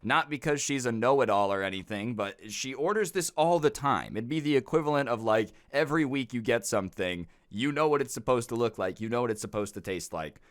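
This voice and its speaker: A man's voice: mid-range voice, lively intonation, fairly quick, hardly any pauses, dry recording. Brief: young male storytime narrator, chatty and incredulous; clean, dry close-mic voice. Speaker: storytime YouTuber.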